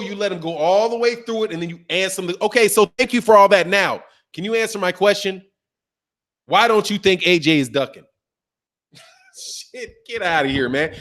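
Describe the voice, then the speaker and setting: A man's voice: high-pitched, a bit bright. A man hosting a boxing channel, ranting in casual commentary with profanity and mocking impressions.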